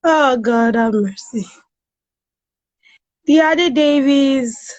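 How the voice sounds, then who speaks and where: Woman, live-stream host, slow and high, voice roughed up by a cold, chatty, shouts out viewers. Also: dull audio. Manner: chatty, greets viewers by name, laughs often. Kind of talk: casual live-stream chat.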